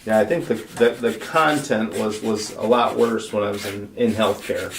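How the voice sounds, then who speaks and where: A man's voice: lowish voice, normal speed, crowd noise. Man reading comments in a roomy space. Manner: relaxed, joking, reading comments aloud. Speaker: co-host reading viewer comments. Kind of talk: casual livestream chat. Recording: roomy, distant mic with clear background noise.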